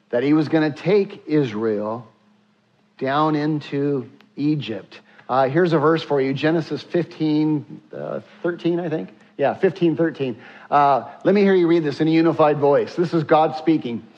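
A man preaching with animated energy, his voice rising and falling as he pulls the congregation into the passage. His voice sits a little higher than most men's, and the sound is dull and lo-fi. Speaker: pastor. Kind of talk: sermon.

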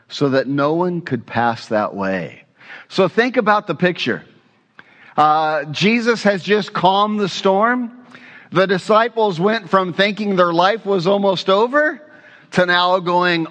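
A man's voice: sits high, lively intonation, a little slow, fairly bright tone, long reverb tail. A man preaching an expository sermon as a pastor, conversational and often asking his congregation questions.

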